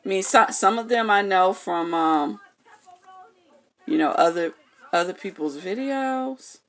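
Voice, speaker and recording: A woman's voice: mid-range voice, lively intonation, unhurried, a bit bright. A woman reading tarot cards in a casual vlog, talking bluntly and frankly, swearing freely and checking in with her viewers as she goes. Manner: keeps checking in with "okay?". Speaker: tarot card reader.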